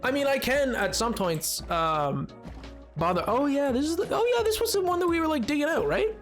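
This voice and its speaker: Man, live game streamer, casual rambling chat, lively up-and-down pitch, laughs a lot, faint music behind. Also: a little fast. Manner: animated, rambling, laughs often.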